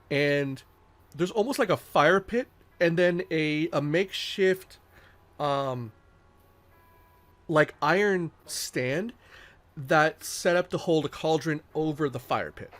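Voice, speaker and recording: A man's voice: on the high side, a bit bright, no echo. A man narrating as game master of a tabletop game, rambling and full of fillers.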